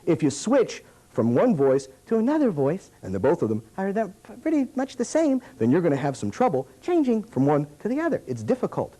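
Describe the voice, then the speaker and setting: A man teaches a puppetry workshop in an animated, demonstrative style. His pitch sits a bit high and swings widely as he talks. His tone is mellow and warm. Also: brisk, hardly any pauses, rough recording.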